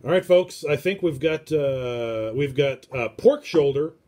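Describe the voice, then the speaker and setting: A man's voice: a little high, measured pace, darkish tone. Rambling man hosting a casual chat. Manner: rambling, with crude jokes. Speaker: show host.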